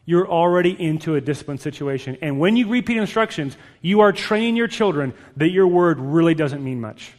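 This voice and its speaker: Emphatic, fairly high-voiced male pastor. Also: expressive, a little fast, hardly any pauses, in a large hall. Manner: direct, emphatic, storytelling. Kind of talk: sermon.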